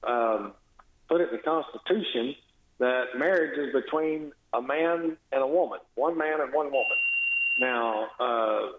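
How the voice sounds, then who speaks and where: A man's voice: medium pitch, unhurried, slight background noise. A man speaks down a tinny, phone-like line, his voice ringing in an echoey space. He talks bluntly and with heavy sarcasm, sounding exasperated as a guest lawmaker calling in to a radio show. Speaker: state legislator guest.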